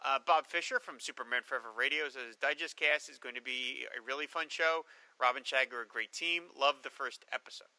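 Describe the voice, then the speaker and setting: A man co-hosting a podcast, reading listener mail and joking in animated casual chat. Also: medium pitch, fairly quick, no room sound, poor audio. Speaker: podcast co-host.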